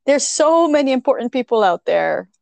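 A woman co-hosting a casual podcast, with a voice a little higher than most. She talks with relaxed enthusiasm and emphasis. The sound is close and dry. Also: moderate pace, gravelly, no room sound. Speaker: podcast co-host. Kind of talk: casual chat.

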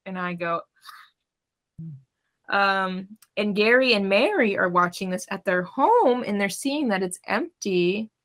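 Podcast co-host, woman, crisp bright tone, casual recap with quick quoted voices. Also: medium pitch, animated. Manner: retells scenes with quick quoted character voices. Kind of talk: casual chat recapping a movie.

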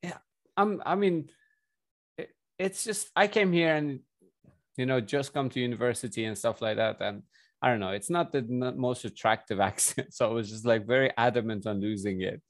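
There's no room sound as a young Indian personal trainer talks casually at a moderate pace in a medium-pitched voice. His accent mixes Indian and British, and he rambles with animation and frequent chuckles.

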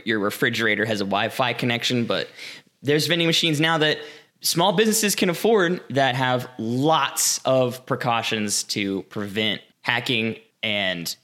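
A man's voice: mid-range voice, pushed and bright. A man co-hosting a podcast, explaining things in a chatty, casual way. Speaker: podcast co-host. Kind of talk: casual chat.

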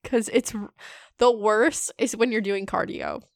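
A young woman co-hosting a casual chat, giggling and teasing with quick asides. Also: mid-range voice, vocal fry, no room sound, studio quality. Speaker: podcast co-host.

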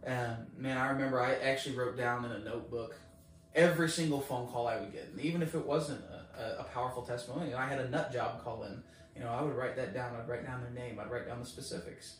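A man telling a story in casual conversation, acting out both sides of the exchange with mounting excitement. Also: medium pitch, quick pace, slight background noise. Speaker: guest. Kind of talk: animated storytelling in casual chat. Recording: echoey room, distant mic.

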